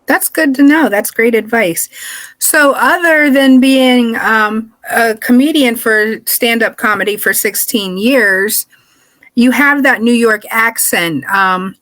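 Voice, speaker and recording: Woman host asking relaxed interview questions. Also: on the high side, slow, rough recording. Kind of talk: casual interview.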